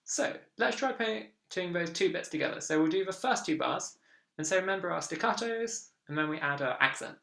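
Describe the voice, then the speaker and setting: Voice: mid-range voice, animated, a little fast, vocal fry, a bit bright, faint music behind. A viola teacher giving an online lesson, encouraging and counting beats aloud. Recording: echoey room with viola playing.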